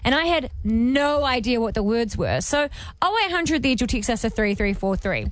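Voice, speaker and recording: A woman's voice: fairly high pitch, lively intonation, moderate pace, no room sound. A chatty woman with a New Zealand accent hosting a radio show. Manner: chatty, laughing. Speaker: radio host. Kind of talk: breakfast radio banter.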